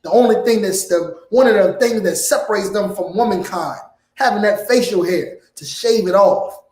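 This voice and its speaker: A man's voice: high-pitched, moderate pace, a little mellow. A man preaching in a heated, blunt lecture, often ending his lines with "man". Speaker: preacher teaching a class. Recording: echoey room.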